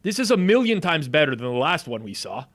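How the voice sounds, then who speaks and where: Male co-host, casual banter, animated swings in pitch, joking and quick. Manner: lively, animated, jokey banter. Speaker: co-host of a sports betting watch-along. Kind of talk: casual live game chat.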